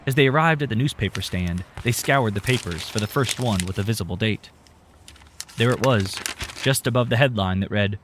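A man reading a story aloud in a steady, measured narration. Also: fairly low pitch, background noise.

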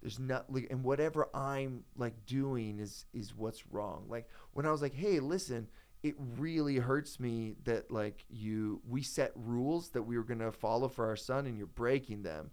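A man in a relaxed podcast conversation, his voice sitting at an ordinary middle pitch. He rambles, stops and restarts, padding his sentences with fillers as he works through a story. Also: normal speed, few pauses, clear, resonant tone. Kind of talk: casual chat.

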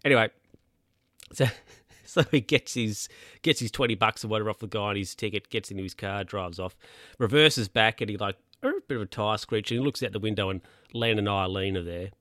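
A man's voice: on the low side, brisk, fairly bright tone, no echo, studio quality. A man casually recapping a film, rambling with lots of fillers and asides.

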